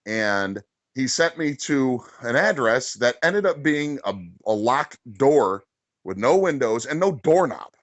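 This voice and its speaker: A man from Chicago co-hosting a wrestling podcast, talking in rambling, halting casual banter. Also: mid-range voice, sing-song, a bit bright, dry recording. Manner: rambling, halting, with frequent restarts and laughs.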